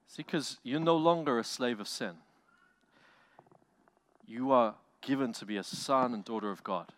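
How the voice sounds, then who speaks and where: A male pastor preaching a sermon with animated delivery, swinging from loud bursts to quiet, low lines and acting out quotes. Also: a little slow. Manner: animated preaching with acted-out quotes, loud swells and soft drops.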